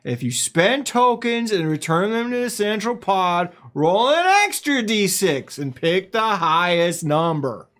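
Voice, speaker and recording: A man's voice: sits high, expressive, measured pace, few pauses, a bit bright. Laughing man running a tabletop game. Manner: laughing often, rambling. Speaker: game master.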